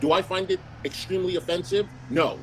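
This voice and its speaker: A brash man speaks bluntly and sounds unbothered. His voice sits a little high for a man. Clear noise runs behind him throughout the clip. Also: brisk, a bit bright. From New York. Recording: clip with noisy background.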